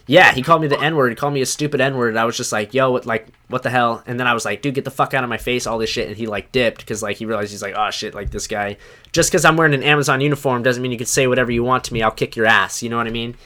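A man hosts a casual podcast in a loose, rambling way, full of fillers and swearing. His voice is bright and clear, and he sounds at ease. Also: mid-range voice, racing. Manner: laid-back, filler-heavy, profane. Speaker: podcast host.

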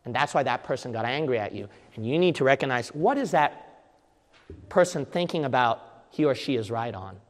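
A man's voice: mid-range voice, animated, fairly quick. Emphatic preaching man in a reverberant hall. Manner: emphatic, repetitive preaching with sudden loud outbursts. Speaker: pastor. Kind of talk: sermon.

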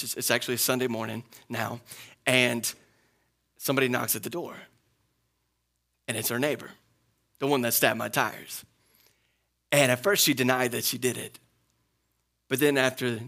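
A man's voice: mid-range voice, pushed and bright. A middle-aged man, a pastor, preaching a sermon and telling a personal story with rising emphatic peaks.

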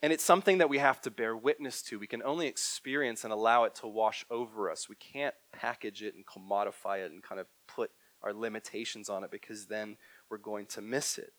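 A man preaching a sermon, swinging from loud emphatic bursts to hushed, near-whispered lines. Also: on the low side, steady tone, fairly quick, few pauses, no room sound. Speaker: pastor. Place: church hall.

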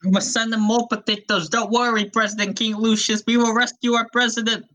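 A woman playing an excitable, chaotic acid man. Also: fairly high pitch, a little fast, close to an everyday voice, low-quality recording. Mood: giddy. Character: excitable Irish potato-obsessed acid man. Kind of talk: improvised comedy role-play.

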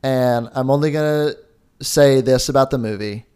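A man's voice: mid-range voice, normal speed, a little mellow, smooth. Young male co-host, casual and jokey, rambles through his points. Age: young adult. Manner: rambling, jokey, lots of filler words. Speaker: podcast co-host. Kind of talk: casual chat.

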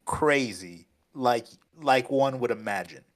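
Male co-host, loose rambling delivery, frequent laughs, average pitch. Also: lively intonation, slow pace. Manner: rambling, hedging, laughs often. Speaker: podcast co-host. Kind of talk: casual podcast chat.

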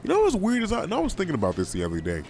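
A man's voice: sits high, huge pitch swings, racing, gravelly, darkish tone, soft background music. A young man hosting a casual solo podcast, talking in a loose, rambling, slangy way and often repeating himself. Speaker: podcast host.

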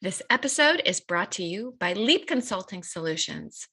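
A woman's voice: medium pitch, big pitch swings, normal speed, pushed and bright, husky. A woman reading a scripted business ad in a businesslike way. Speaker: ad reader. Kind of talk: scripted ad read.

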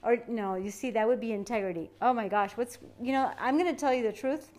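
Casting: chatty woman podcast host, high voice, drowsy, rambling self-corrections. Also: fairly quick, a little mellow. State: sleepy. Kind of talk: casual solo podcast talk.

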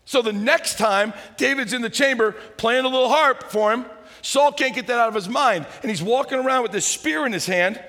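A man preaching a sermon, retelling a story with lively humor and acting out its characters. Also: very high-pitched, moderate pace. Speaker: pastor. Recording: hall reverb.

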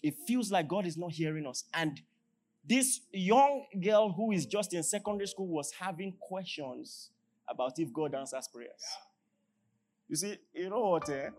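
A man with a Nigerian accent preaching a sermon as pastor, swinging between loud declarations and hushed storytelling. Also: high-pitched, lively intonation, unhurried. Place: large church hall.

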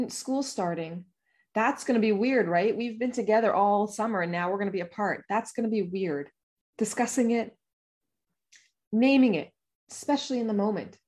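A woman speaking gently and soothingly to parents, giving calm reflective guidance. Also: medium pitch. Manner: gentle, soothing, pausing to feel her emotions. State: emotional.

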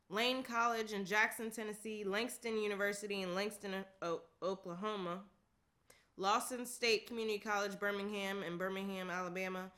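A woman's voice: mid-range voice, sharp tone. A woman casually reading a long list aloud, laughing often and adding offhand comments. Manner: reads steadily, laughs often, tosses in casual asides.

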